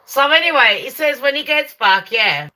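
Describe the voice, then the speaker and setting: Young woman, brash streamer voice, bright and highish, sweary with big laughs. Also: animated, moderate pace. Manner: loud, sweary, laughs and shrieks often. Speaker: live stream host. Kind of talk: casual storytelling to chat.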